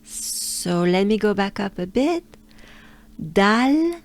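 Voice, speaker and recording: A woman's voice: medium pitch, animated, a little slow, a little mellow. A woman from France with a French accent, teaching pronunciation patiently and drilling each sound again and again. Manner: patient, repeats sounds many times, laughs lightly. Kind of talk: slow drilled pronunciation lesson.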